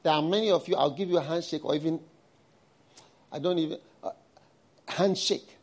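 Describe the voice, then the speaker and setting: A man's voice: fairly high pitch, moderate pace. A man preaching a sermon in a studio, emphatic, repeating words and firing rhetorical questions at his listeners.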